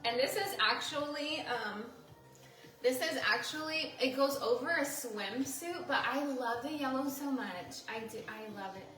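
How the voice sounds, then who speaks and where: Female livestream host, higher voice, bright and excitable, cooks and talks to fans in an echoey kitchen. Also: unhurried, soft background music. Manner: bubbly, greets and thanks viewers with sudden excited squeals. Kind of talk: casual livestream chat while cooking. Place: home kitchen.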